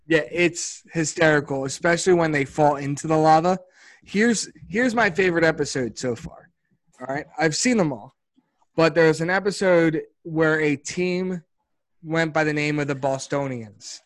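A man co-hosting a casual sports podcast, talking in an animated, rambling way and laughing often. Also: fairly high pitch, moderate pace, dry recording. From Philadelphia area. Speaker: podcast co-host.

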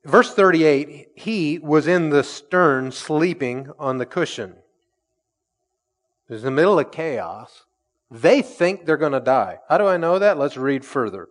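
A man preaching a sermon in an animated way, acting out the quoted voices with sudden loud, high jumps. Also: unhurried, big-room sound. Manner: animated, acts out quoted voices with big jumps in pitch and volume.

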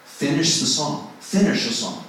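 A man's voice: fairly high pitch, very animated, measured pace, a bit bright, a little hiss or hum. A man giving a casual, self-deprecating songwriting talk to a group, recorded from a distance in a large room. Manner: conversational, self-deprecating, acts out inner voices. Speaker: songwriting workshop speaker. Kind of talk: informal teaching talk to a group. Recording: distant mic in a very echoey room.

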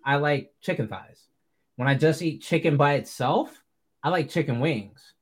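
A man hosting a podcast, telling stories in casual chat, laughing often and swearing casually. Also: mid-range voice. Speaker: podcast host.

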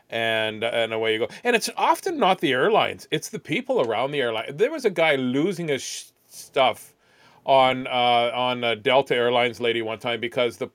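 A male comedian guest on a podcast, rambling through deadpan jokes and stories. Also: mid-range voice.

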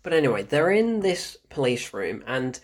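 A man's voice: medium pitch, sing-song, moderate pace. A man giving a casual spoken film review, ranting in exasperation, swearing often and laughing in disbelief.

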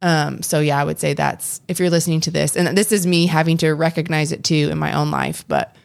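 A woman's voice: sits low, expressive, brisk, gravelly, no room sound. A young adult woman co-hosting a casual faith podcast, earnest and rambling with frequent restarts. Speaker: podcast co-host.

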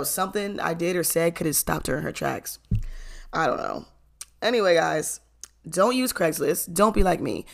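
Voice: mid-range voice, creaky, fairly bright tone. A young adult telling a casual storytime to camera, chatty, full of fillers, often laughing and swearing. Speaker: storytime vlogger.

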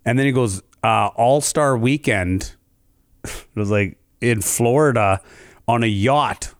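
Chatting casually, a Canadian comedian unfolds a story at a slow pace, jumping into high-pitched voices whenever he acts out other people. The sound is clean studio audio with no room sound.

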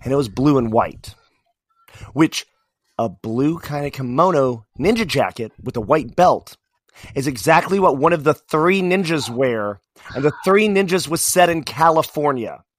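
A man co-hosting a podcast, talking in a casual, animated way with many fillers and restarts. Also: on the high side, unhurried, no echo. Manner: animated, rambling wrestling fan talk with fillers. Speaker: podcast co-host. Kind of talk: casual chat.

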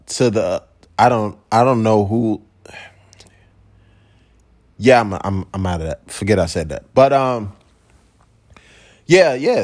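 A man hosting a solo podcast, ranting in a blunt, profane, laid-back rambling way. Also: fairly low pitch. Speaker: podcast host. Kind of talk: casual solo podcast rant.

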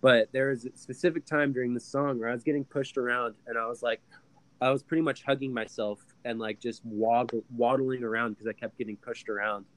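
A man's voice: medium pitch, a little fast, no room sound, low-quality recording. A man co-hosting a casual podcast chat, telling stories with lots of fillers. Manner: animated storyteller, many fillers. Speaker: podcast co-host.

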